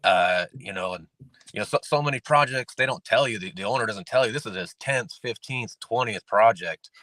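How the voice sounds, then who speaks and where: Male podcast guest, low and forceful, rambling with fillers. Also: dry recording. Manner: rambling, lots of "you know" fillers. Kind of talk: casual podcast chat.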